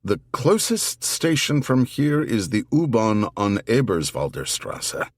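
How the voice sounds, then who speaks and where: A man voicing a dry, quick-witted female army investigator in an audiobook, with a wry, matter-of-fact delivery. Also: lowish voice, no echo, pitched above the performer's own voice, exaggerated voice.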